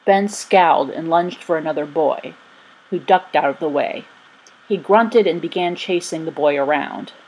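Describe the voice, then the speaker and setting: A husky woman narrates a children's story in an expressive, even reading. Her voice sits on the low side. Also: normal speed, rough recording.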